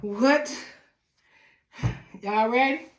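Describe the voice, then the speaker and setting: A woman's voice: on the high side, very slow, noisy background. A woman giving a casual tarot reading, chatty and laughing often as she talks straight to the viewer. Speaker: tarot reader. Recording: echoey room.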